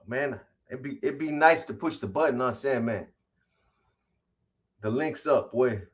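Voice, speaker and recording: A man hosting a casual livestream, reading off viewer names in quick shout-outs and slangy greetings. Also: mid-range voice. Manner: rattles off viewer shout-outs, slangy, calls people boy. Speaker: livestream host.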